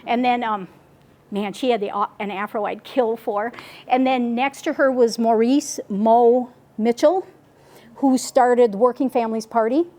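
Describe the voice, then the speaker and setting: A woman giving a casual, chatty report at a group meeting, animated and full of asides and restarts. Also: a little high, a little slow. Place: meeting room.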